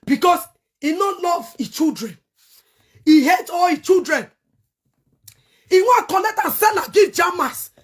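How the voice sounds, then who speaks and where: A middle-aged Nigerian woman hosting her online show, angrily cursing and shouting in bursts as she rants to her viewers. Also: very high-pitched, lively intonation, measured pace, pauses often. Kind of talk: heated rant to viewers.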